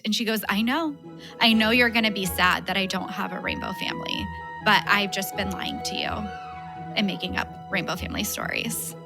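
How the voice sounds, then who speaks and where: A woman's voice: medium pitch, animated, normal speed, creaky, music in the background. A woman in her thirties, a mother and guest, telling a family story with frequent laughter. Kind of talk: storytelling interview.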